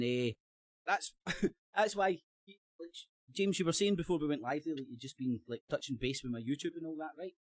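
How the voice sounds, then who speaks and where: A man's voice: medium pitch, no room sound. A Scottish man on a live-stream panel, rambling and self-correcting as he talks. He swears, laughs often and trips over his words in casual debate.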